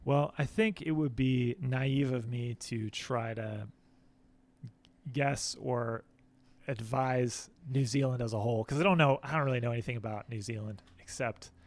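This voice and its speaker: A man's voice: mid-range voice, a little slow. A man with an American accent speaking as an interview guest in a candid, rambling, self-deprecating way. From United States. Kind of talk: casual interview talk.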